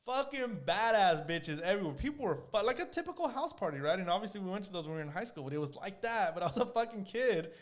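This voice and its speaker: A man's voice: sits high, big pitch swings, fast, hardly any pauses. A man in his thirties from California, co-hosting a podcast in casual chat, laid-back and swearing freely. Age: 30s. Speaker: podcast co-host.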